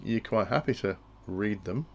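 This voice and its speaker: A man with a fairly low voice walks through industrial control logic in a technical tutorial at a moderate pace. He thinks aloud and frequently restarts his sentences.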